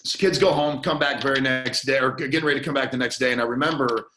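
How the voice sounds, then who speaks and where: A man, a podcast guest, telling an emotional personal story in an earnest, halting way, often restarting and repeating words, and choking up at moments. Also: mid-range voice, bright, forceful tone, roomy sound, slight background noise, low-quality recording. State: choked up at moments.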